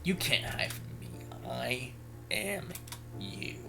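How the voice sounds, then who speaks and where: A man voicing a woman's mocking mirror reflection, speaking low, slow and menacing, over background music. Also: sing-song, gravelly, heavily acted. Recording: music playing underneath.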